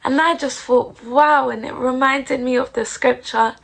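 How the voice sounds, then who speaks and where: Slow, gravelly-voiced woman, earnest devotional talk. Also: sits high, fairly even intonation, fairly bright tone, rough recording. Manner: earnest, heartfelt. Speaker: podcast host. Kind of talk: reflective devotional monologue.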